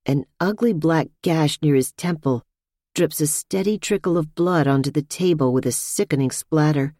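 A woman reading a suspense novel aloud in a tense, measured narration. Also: deep voice, warm tone, dry recording, studio quality. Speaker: audiobook narrator. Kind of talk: scripted narration.

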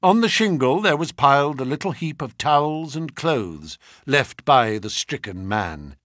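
A man giving a scripted narration of a classic detective story, telling it in the first person in an expressive, dramatic way. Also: mid-range voice, measured pace, dry recording, clean studio sound. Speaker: audiobook reader.

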